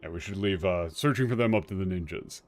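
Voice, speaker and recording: A man's voice: deep voice, quick pace, no echo, faint music behind. Ranting male game streamer, dry sound. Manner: animated, ranting with laughs and restarts. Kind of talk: casual commentary while playing.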